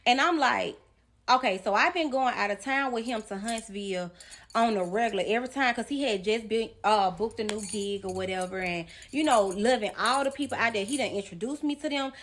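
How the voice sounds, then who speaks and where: A young woman vlogger telling a personal story straight to camera, animated and emotional, speaking directly to her viewers. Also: a little high, brisk, slight background noise. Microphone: phone or camera facing the speaker.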